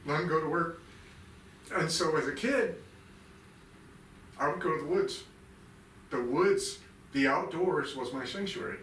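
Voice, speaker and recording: Veteran man, 50s, raw and profane storyteller, bright edge, roomy distant mic. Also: a little slow, long pauses. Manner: intense and profane, swinging between low murmurs and loud outbursts. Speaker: podcast guest, military veteran. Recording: roomy sound from a distance, faint background hum.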